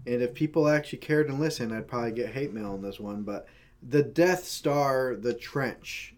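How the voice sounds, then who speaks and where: A man's voice: mid-range voice, moderate pace, darkish tone. Easygoing hesitant man co-hosting. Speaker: podcast co-host. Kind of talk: casual movie ranking chat.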